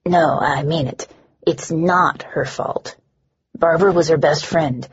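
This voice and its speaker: A woman narrator voicing a mild young man who speaks gently and apologetically. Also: sits low, normal speed, slightly rough, dull audio. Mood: earnest.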